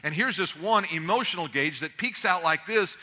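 A man's voice: high-pitched, expressive, normal speed, pushed and bright. A middle-aged male pastor preaching a conversational sermon, acting out little dialogues from home life.

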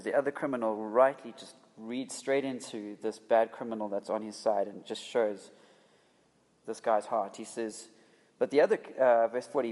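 In a hall with a long reverb, a man with a mid-range, darkish voice preaches a sermon. His delivery is emphatic yet conversational, and he keeps restarting his phrases.

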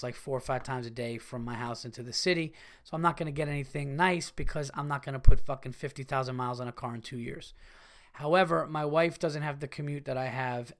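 A man hosting a casual solo podcast, ranting in a profane, animated way. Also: mid-range voice. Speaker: podcast host.

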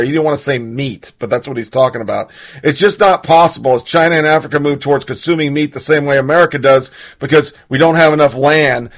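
A man's voice: on the high side, fairly bright tone. A man hosting a show, in a heated, sarcastic and profane casual political rant. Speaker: host.

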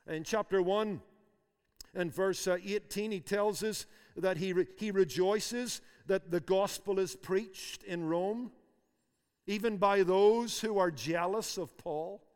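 Emphatic high-voiced male preacher, hall reverb. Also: slow, clean tone. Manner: emphatic, repeats phrases for force. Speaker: pastor. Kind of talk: sermon.

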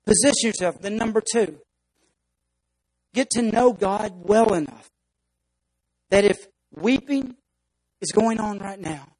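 A man's voice: sits high, takes it slowly, pauses often, a little mellow, poor audio. A man preaching a sermon as pastor, speaking emphatically and acting out stories for his congregation.

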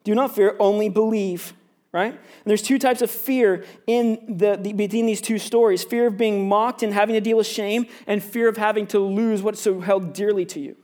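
A man's voice: sits high, steady tone, moderate pace, few pauses, a little mellow. A male pastor preaching a sermon in a loose, conversational way, often asking "right?".

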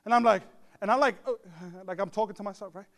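A man pastor delivering a humorous storytelling sermon to his congregation, animated with joking asides and bursts of shouting. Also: high-pitched, quick pace. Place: church service before a congregation.

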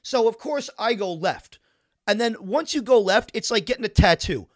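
A man's voice: high-pitched, expressive, normal speed. A man telling a wry, exasperated story in a casual chat.

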